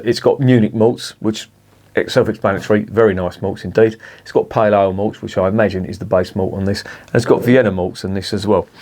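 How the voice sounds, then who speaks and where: A man's voice: deep voice, darkish tone. A man reviewing a beer in a casual vlog, blunt and grumbling, swearing freely.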